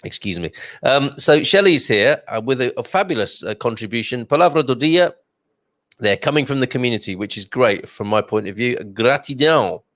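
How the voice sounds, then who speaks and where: Man, live-stream host, reading viewer comments, rambling asides, animated intonation, dry close sound. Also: mid-range voice, brisk, dry recording. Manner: chatty, rambling, reads comments aloud with asides.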